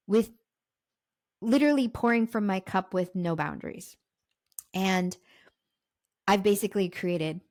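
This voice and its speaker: A woman's voice: medium pitch, a little mellow, no echo. A young adult woman hosts her own podcast in a confessional monologue. Her talk is raw, circling and peppered with swearing, and her throat is sore. The recording is close and dry, with no room sound. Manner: raw and emotional, swearing, repeating phrases. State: throat sore while sharing. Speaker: podcast host and self-love coach.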